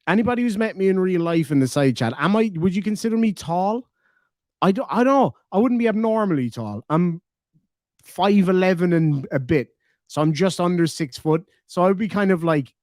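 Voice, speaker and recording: A man's voice: a little high, darkish tone, no room sound, studio quality. An Irish man hosting a casual livestream, reading super chats aloud and bantering with a lot of swearing and laughter. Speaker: livestream host.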